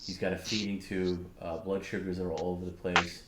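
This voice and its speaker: Man, casual livestream co-host, reads comments aloud, very deep voice, roomy echo. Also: little pitch movement, a little fast, background noise. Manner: reads viewer comments aloud, loose and rambling. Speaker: stream co-host.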